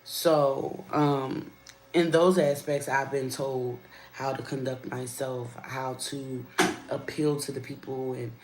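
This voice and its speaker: Low-voiced woman talking slow and open to her viewers, echoey room, bit of hum behind. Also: fairly even intonation, darkish tone. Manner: candid, conversational, addresses viewers as y'all. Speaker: live-stream host. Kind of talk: casual chat. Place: at her workplace.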